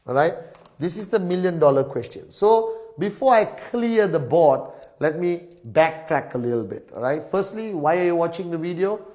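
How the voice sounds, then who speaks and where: A man's voice: a little high, normal speed. A man giving a whiteboard business presentation as the presenter, speaking in punchy lists and tagging phrases with a repeated "all right?". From Malaysia. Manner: animated, emphatic lister. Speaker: network marketing presenter.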